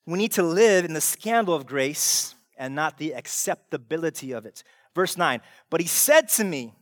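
A male pastor preaching a sermon in a casual, intense way, using slang and building to shouts. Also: high-pitched, big pitch swings, normal speed, few pauses, no room sound, clean studio sound.

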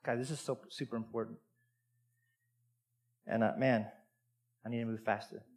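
A man preaching a sermon, intense and emotional, swinging from quiet asides to loud outbursts and calling his listeners "guys" and "y'all.". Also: mid-range voice, little pitch movement, moderate pace.

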